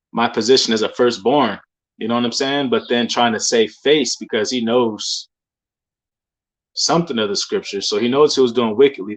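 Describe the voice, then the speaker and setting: A young man in a loose, rambling monologue full of slang and fillers, recounting religious dreams. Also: mid-range voice. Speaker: believer sharing dreams. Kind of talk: casual testimony monologue.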